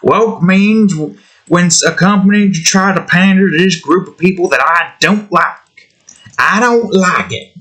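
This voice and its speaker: A man's voice: high-pitched, a little slow, bright, forceful tone, voice pushed up. A man voicing an indignant conservative caricature who complains in a whiny, outraged way. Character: indignant conservative man mocking "woke", adult.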